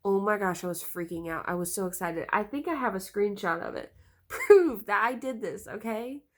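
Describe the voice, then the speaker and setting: A woman's voice: mid-range voice, expressive, moderate pace. A woman telling a casual storytime vlog, rambling with many fillers and slightly congested from a cold. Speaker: storytime vlogger.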